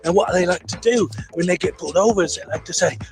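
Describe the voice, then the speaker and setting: A wildlife-documentary presenter with a put-on Cockney accent and a high voice, as a man puts him on, narrating in excited, hushed tones. Clear music plays underneath. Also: fast talker. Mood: hushed excitement. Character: nature-show presenter tracking sovereign citizens.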